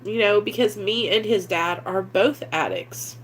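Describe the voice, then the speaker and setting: This is a young woman speaking at a measured pace and medium pitch, with slight hiss or hum on the track. She's making a frank confessional recovery vlog, earnest and rambling, and uses fillers constantly.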